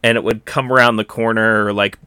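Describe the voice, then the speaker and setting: Young man, casual chat, rambling, bright voice, dry recording. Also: fairly low pitch, fairly even intonation, fairly quick, smooth, no room sound. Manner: rambling, many fillers and restarts.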